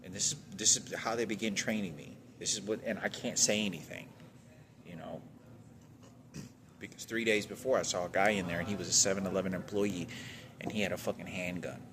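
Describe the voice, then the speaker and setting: Agitated man from Texas, rambling venting monologue, deep voice, over noisy ambience. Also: steady tone, brisk. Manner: agitated, rambling, heavy swearing, trailing off.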